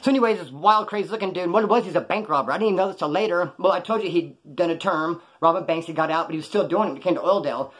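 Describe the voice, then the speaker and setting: A middle-aged man from California, telling a casual, profane story about his past in and out of prison. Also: sits high. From Bakersfield, California. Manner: rapid, profane, animated, acts out others' lines. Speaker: former prisoner telling stories.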